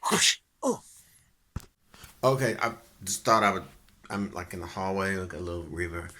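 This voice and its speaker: A man's voice: sits low, moderate pace, sharp tone, slight background noise. A man talking in a casual, rambling vlog, jokey and full of fillers. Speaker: vlogger and singer.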